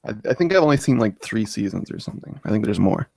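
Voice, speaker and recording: A man's voice: on the low side, expressive, fast, vocal fry, darkish tone, no echo. A young man co-hosting a casual movie podcast, laid-back and swearing casually as he talks. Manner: laid-back, laughing, profane. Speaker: podcast co-host.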